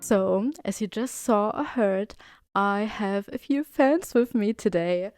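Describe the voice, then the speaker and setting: Chatty excitable woman podcast host. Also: mid-range voice, takes it slowly, dry recording, studio quality, faint music behind. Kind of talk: casual podcast chat.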